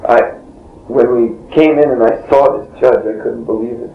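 A man's voice: medium pitch, fairly even intonation, normal speed, creaky. A man being interviewed, telling a long story in a rambling way, often breaking off and chuckling. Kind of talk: casual spoken storytelling. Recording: dull lo-fi tape in a roomy space, faint hiss.

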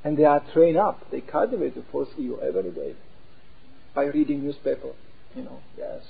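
A man giving an animated talk as a preacher, acting out voices as he explains. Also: mid-range voice, a little fast, creaky, slightly rough. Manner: animated, acts out inner voices. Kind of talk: sermon-style talk. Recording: tinny phone-like sound.

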